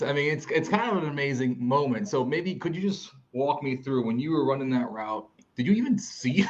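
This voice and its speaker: A man hosting a sports podcast, recapping a game in an animated, fast-talking way with frequent restarts. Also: medium pitch, muffled recording. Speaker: podcast host.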